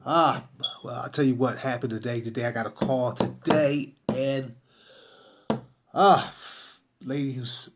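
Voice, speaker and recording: A man who runs a credit repair business, talking to camera about a client in an emphatic, preachy way, his pitch jumping up when he makes a point. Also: fairly even intonation, unhurried, long pauses.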